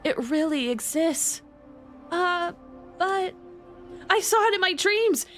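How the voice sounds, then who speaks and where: A woman's voice: extremely high pitch, lively intonation, slow pace, fairly bright tone, soft background music, voice pushed up, exaggerated voice. A woman voicing a devout young female acolyte who speaks with earnest, fervent reverence.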